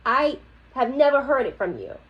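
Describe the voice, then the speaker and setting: A woman's voice: sits high, big pitch swings, normal speed, dull audio. Woman with pointed, sarcastic praise. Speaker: employee in workplace meeting. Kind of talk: heated workplace meeting.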